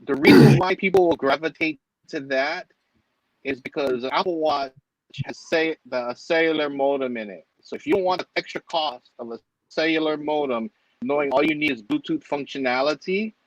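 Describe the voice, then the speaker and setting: A man co-hosts a casual podcast and argues his point, stammering a little as he starts. His voice sits a bit high. The sound is dry. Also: moderate pace, no echo, poor audio.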